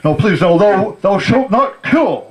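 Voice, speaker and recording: A man putting on a confused old father, raised voice, slow and stumbling, begging to be heard. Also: lively intonation, slight background noise, rough recording. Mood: pleading. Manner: slow, halting, pleading, raised pitch. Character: befuddled, earnest elderly father, muddled and pleading.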